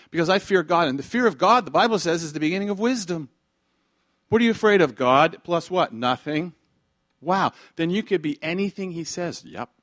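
A man preaching a sermon as pastor, animated, acting out quick character voices and swinging from soft asides to loud emphasis. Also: on the high side, dry recording, clean studio sound. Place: church.

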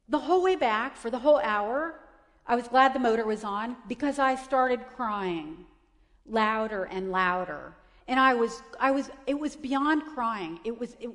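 A woman's voice: a little high, big-room sound. A middle-aged woman telling a personal faith testimony, emotional and full of restarts. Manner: emotional storytelling with many restarts. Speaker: speaker giving a testimony.

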